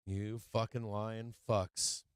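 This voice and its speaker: Brash male trading-stream host, low voice, smooth and close with a dry sound, swears constantly. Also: slow, no echo. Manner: profane, brash, excitable trash talk. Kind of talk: live market commentary.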